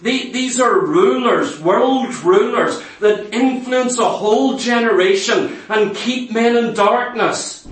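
A man's voice: very high-pitched, takes it slowly. A man preaching a sermon, pressing the congregation with emphatic rhetorical questions. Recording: echoey hall, mic far off.

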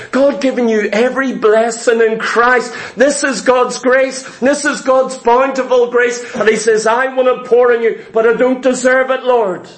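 A man's voice: very high-pitched, rough recording. A man preaching a sermon, repeating key words and asking the congregation questions.

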